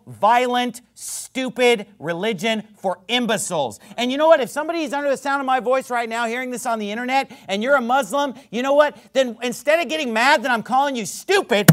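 A man delivers a heated sermon from the pulpit in a high voice. His pitch leaps and plunges as he drives his points home, and he often rises to a shout. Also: animated, moderate pace, hardly any pauses. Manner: impassioned, rising to shouts; says he is worked up. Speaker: pastor. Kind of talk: fiery sermon.

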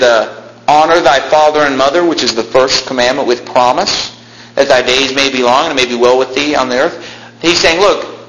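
Man, pastor, sermon, forceful bright voice, echoey church, faint hiss. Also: mid-range voice. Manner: emphatic, with animated quoted asides. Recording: echoey room with faint noise.

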